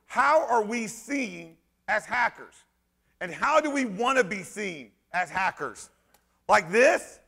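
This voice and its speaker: A man giving an animated conference talk, sarcastic and emphatic, rambling through restarts and breaking into shouts. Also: very high-pitched, gravelly. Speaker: conference speaker. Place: conference hall stage.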